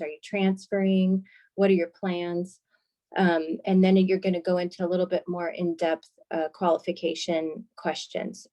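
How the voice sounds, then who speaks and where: A woman's voice: on the low side, dark tone. A woman working as a college scholarship specialist, giving an informational presentation on a video call in a friendly, explanatory way with frequent filler words.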